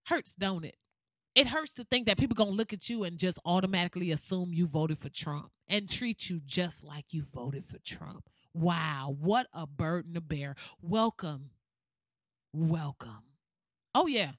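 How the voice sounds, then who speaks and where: A woman hosting a podcast who rants in a blunt, profane, sarcastic and animated way. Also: on the low side, measured pace, no echo, studio quality. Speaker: podcast host. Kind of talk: podcast rant.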